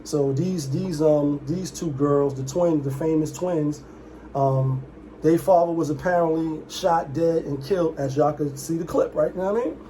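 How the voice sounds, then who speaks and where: Loose and animated, this commentary channel host hops from aside to aside and tosses in quick impressions during a casual vlog. He's a young man whose voice runs slightly higher, and faint room hiss sits underneath.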